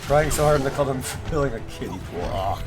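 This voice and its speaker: A man's voice: medium pitch, lively intonation, fast. A man streaming gameplay, chatting in a sarcastic, joking way with rambling asides. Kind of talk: live gameplay commentary. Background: game music.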